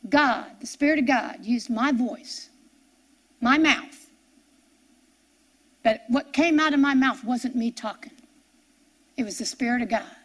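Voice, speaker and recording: Speaking at a fairly high pitch with a somewhat bright sound, a middle-aged woman preacher offers an earnest testimony. Her story comes in halting starts and builds toward fiery preaching.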